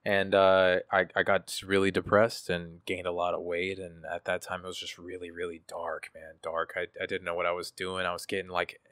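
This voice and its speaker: A man with a deep, low voice, speaking as the guest in an interview and opening up in a casual, profane way. He fills his talk with "um" and "you know what I'm saying". The sound is dry and close. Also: monotone, moderate pace, hardly any pauses, fairly bright tone, no room sound. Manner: casual, profane, reflective with many fillers. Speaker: guest artist. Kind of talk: candid interview.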